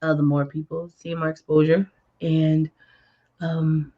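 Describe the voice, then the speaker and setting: A woman radio host telling her story in a casual interview, animated and acting out what people said. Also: deep voice, a little slow. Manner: animated, acts out quoted dialogue. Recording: dull lo-fi audio.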